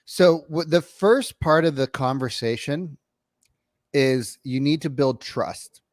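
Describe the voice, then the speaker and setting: A man coaching on sales in casual podcast chat, animated and slangy, acting out calls in quick voices. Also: a little high, no room sound, clean studio sound. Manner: slangy, says bro and dude.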